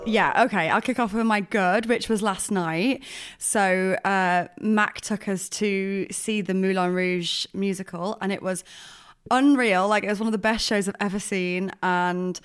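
A woman's voice: medium pitch, steady tone, clear, resonant tone. A young woman co-hosting a podcast, chatting upbeat and enthusiastic about her week. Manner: upbeat, enthusiastic, quick asides. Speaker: podcast co-host. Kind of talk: casual chat.

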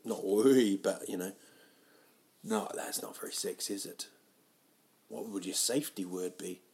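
A man rambling through a comic monologue, mocking himself and jumping into loud, silly voices. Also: low voice, measured pace, vocal fry. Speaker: comedian doing a solo audio show.

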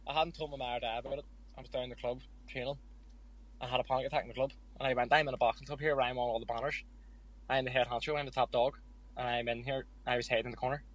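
A man's voice: medium pitch, little pitch movement, racing, fairly bright tone, low-quality recording. A young man with an Irish accent, a boxer as guest, candidly telling stories in a casual podcast interview. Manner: candid, storytelling with quoted asides.

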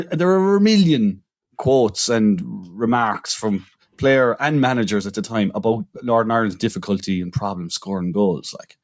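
A man's voice: mid-range voice, no echo, clean studio sound. A man co-hosting a podcast in casual chat, recounting match events at length. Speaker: podcast co-host.

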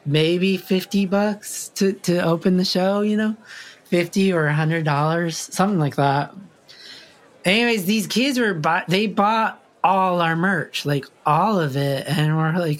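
A man's voice: high-pitched, measured pace, a bit bright. A middle-aged man, a musician, telling a personal story in a loose, casual way, full of fillers and frequent laughs. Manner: rambling, filler-heavy, laughs often.

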